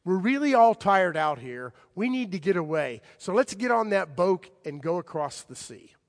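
Jesus, as a preacher puts him on, relaxed. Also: male voice, high voice, normal speed, long reverb tail. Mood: casual. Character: Jesus, calm and unhurried grown man.

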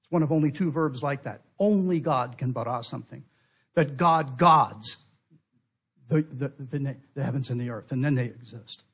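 A man giving a talk, explaining in a measured, emphatic way and repeating key phrases for weight. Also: mid-range voice, a little mellow, slightly rough. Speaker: speaker at a talk. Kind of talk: lecture-style explanation.

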